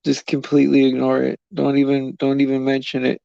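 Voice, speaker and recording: A man's voice: mid-range voice, monotone, a little fast, creaky, warm tone, clear, resonant tone, no room sound, lo-fi sound. A man hosting a live stream, chatting loosely with viewers in a rambling way and chuckling often. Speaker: livestream host.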